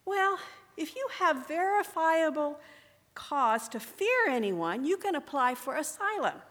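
A woman's voice: high-pitched, big pitch swings, unhurried, fairly bright tone, pitched above the performer's own voice, full character voice. A woman reading aloud as a weary, irritable male border soldier, questioning with dry skepticism. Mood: curt, sardonic. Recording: echoey room with long reverb.

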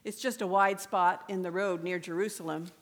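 A woman's voice: on the low side, steady tone, normal speed, close to an everyday voice. A woman reading aloud as a frightened, weary young husband fleeing with his family, earnest and pleading. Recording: echoey room with long reverb.

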